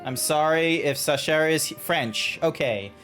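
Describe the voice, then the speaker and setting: A man's voice: fairly high pitch, moderate pace, a bit bright, faint music behind. A young Australian man chatting casually while streaming a game, rambling with restarts and frequent swearing.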